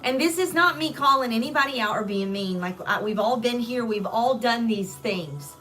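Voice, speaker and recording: Earnest woman life coach, higher voice. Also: moderate pace, bright, forceful tone, faint music behind. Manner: earnest, acts out everyday dialogue. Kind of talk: live coaching talk.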